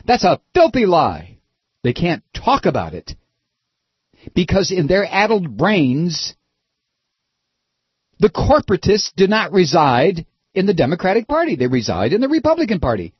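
A man's voice: high-pitched, huge pitch swings, moderate pace, long pauses, slightly rough, no room sound. A middle-aged man hosting a political talk radio show, speaking in an impassioned, emphatic way with many restarts. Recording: dull, lo-fi radio audio.

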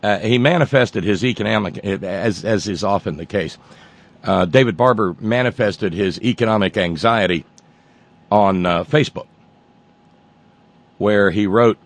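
Male talk-radio host, low gravelly voice, rambling and sardonic. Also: a little slow, long pauses, dry recording. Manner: rambling and sardonic, with many fillers and restarts. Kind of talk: casual talk radio monologue.

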